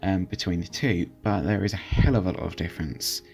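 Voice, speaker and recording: Chatty young man with a low voice. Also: brisk, creaky, darkish tone, soft background music. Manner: chatty, hesitant, many fillers and restarts. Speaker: channel host reviewing software. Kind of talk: casual screen-recorded commentary.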